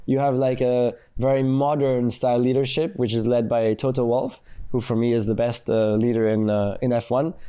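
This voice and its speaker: A man in his thirties, a former racing driver, telling stories as an interview guest in a lively, animated way. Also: medium pitch, clean tone. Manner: animated, acts out quotes, frequent fillers. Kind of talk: conversational storytelling interview.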